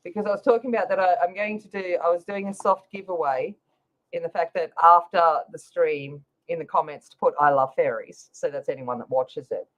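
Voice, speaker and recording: A woman's voice: fairly low pitch, brisk. A woman hosting a casual livestream, chatting with viewers by name while she colors. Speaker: livestream host. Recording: slightly dull lo-fi sound.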